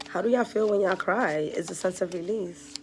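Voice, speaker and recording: Low-voiced woman doing a chatty tarot reading, bit of hiss behind her. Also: normal speed, a little mellow. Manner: chatty, direct, talks straight to viewers. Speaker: tarot reader. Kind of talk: casual spiritual tarot reading to viewers.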